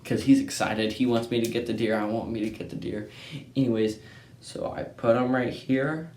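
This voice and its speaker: A young Texan who hosts a hunting channel tells a hunting story in a steady, darkish, mid-range voice at normal speed. He rambles, keeps asking "right?" and saying "anyways", in an echoey room with faint noise.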